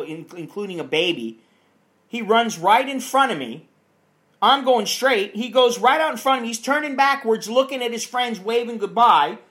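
A man with a notably high voice rants in a casual monologue. He is blunt and profane, swearing freely with no filter. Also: a bit bright. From United States.

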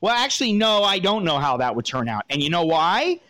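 Blunt, lively man ranting advice. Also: high-pitched, brisk. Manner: blunt, profane, animated ranting. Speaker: advice show host reading a listener's letter. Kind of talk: casual advice commentary.

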